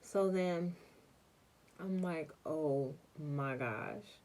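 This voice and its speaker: A young adult woman telling a personal story in a casual vlog, animated and full of slang. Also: low voice, very slow. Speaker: vlogger.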